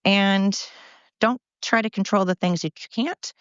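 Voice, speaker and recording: A woman's voice: mid-range voice, unhurried, a bit bright, smooth, no echo. A woman in her thirties hosts her own podcast, ranting with indignant sarcasm. Her voice sits close and dry on the mic, with no room sound around it. The recording is a touch dull and muffled. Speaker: podcast host. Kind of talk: opinionated monologue.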